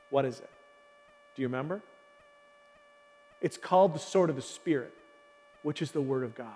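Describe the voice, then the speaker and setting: High-voiced preacher with long reverb. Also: male voice, darkish tone. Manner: passionate preaching with dramatic pauses and repetition. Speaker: pastor. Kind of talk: sermon.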